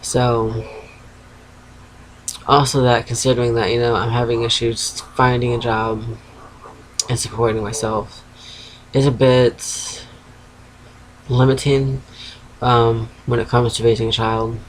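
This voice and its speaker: A man's voice: medium pitch, flat delivery, slow pace, long pauses, a little hiss or hum, poor audio. Man in his 30s, fading east coast US accent, feverish, sedated, rambling, frank, casual swearing, home webcam diary. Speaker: vlogger. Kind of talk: casual confessional video diary. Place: at home by a computer.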